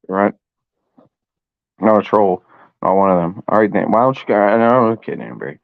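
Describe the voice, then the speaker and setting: A rambling, profane man, talking to his livestream chat in a lowish voice and coughing now and then. The sound is dull and completely dry, close to a cheap home mic. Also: lively intonation, moderate pace, creaky, pauses often, no echo. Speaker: sports fan livestream host.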